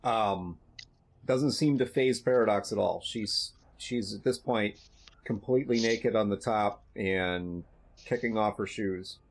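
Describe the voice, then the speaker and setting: Husky-voiced man running a tabletop game. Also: fairly low pitch. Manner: halting, conversational narration with many restarts. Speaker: game master. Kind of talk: narrating a tabletop role-playing game.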